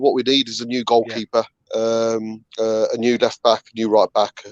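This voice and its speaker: A man's voice: lowish voice, flat delivery, moderate pace, dry recording, dull audio. A man talking football in casual chat, passionate, swearing and trailing off. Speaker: football podcast panelist.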